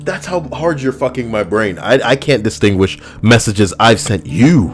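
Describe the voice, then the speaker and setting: Very low-voiced crude joking man. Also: lively intonation, normal speed, faint music behind. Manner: crude, rambling, sardonic. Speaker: video host. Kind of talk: casual comedic chat.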